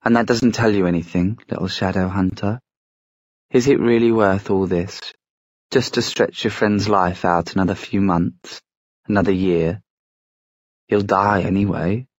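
A man voicing a mocking adult male werewolf pack leader in an audiobook, taunting in a low voice. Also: a little mellow, dry recording, lo-fi sound.

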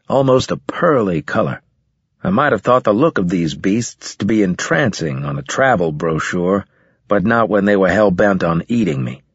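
A man reading a science fiction novel aloud in first person, in a measured, matter-of-fact way. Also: on the low side, breathy edge, no echo. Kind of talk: audiobook narration, first person. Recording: slightly dull lo-fi recording.

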